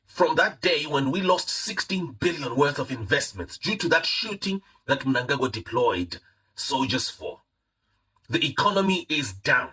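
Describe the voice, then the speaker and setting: A Zimbabwean man delivers heated live-stream commentary, hammering his points home and slipping into Shona phrases. His fairly high voice is husky and forceful, with a tense, pushing edge. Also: rough recording. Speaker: online political commentator.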